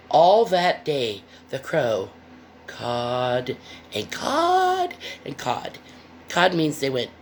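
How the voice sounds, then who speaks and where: A woman's voice: a bass voice, drawn-out words, a little hiss or hum. A woman reading a picture book aloud with playful, chatty asides to young listeners. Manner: playful, expressive.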